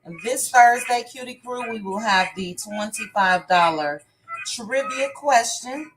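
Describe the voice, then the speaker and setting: A woman's voice: on the high side, expressive, measured pace, background noise. A woman hosting a casual live stream, greeting viewers by name one after another. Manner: warm shout-outs, reading names one by one.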